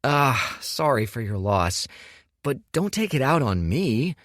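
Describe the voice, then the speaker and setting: A man's voice: mid-range voice, big pitch swings, slow pace, a bit bright, no echo, clean studio sound, voice pushed up. A man voicing an affable, glib young man who jokes to talk his way out of trouble. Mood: placating. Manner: breezy, joking, affable.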